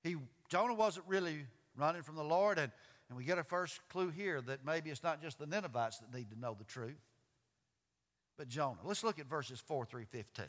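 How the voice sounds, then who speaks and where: A man's voice: on the high side, moderate pace, fairly bright tone, long reverb tail. A man preaching a sermon in an emphatic way, asking his listeners questions and reading scripture. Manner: emphatic, asks the audience questions. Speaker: pastor.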